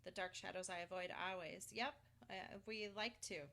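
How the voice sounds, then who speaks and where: A woman coaching a live guided tapping session, talking listeners through slow breaths and phrases to repeat after her. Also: fairly low pitch, fairly even intonation, gravelly, fairly bright tone.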